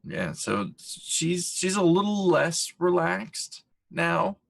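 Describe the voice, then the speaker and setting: A man playing a tabletop game, describing his character in a hesitant, drawn-out way. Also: a little high, big pitch swings, gravelly, fairly bright tone. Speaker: player.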